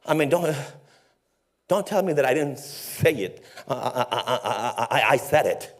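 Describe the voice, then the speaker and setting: A man's voice: mid-range voice, animated, a little slow. A male pastor preaching a sermon in a storytelling way, with rhetorical questions and playful asides to his congregation.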